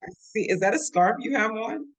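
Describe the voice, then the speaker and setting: A woman's voice: a little high, expressive, fairly quick. A woman co-hosting a casual podcast over a video call, speaking in a heartfelt way with many "you know"s. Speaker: podcast co-host.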